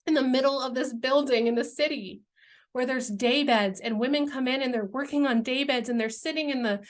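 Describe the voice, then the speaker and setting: A woman, earnestly describing her business dream in a heartfelt, rambling vlog, searching for words and near tears at times. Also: high-pitched. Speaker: entrepreneur presenting her brand vision. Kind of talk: emotional, heartfelt vlog pitch.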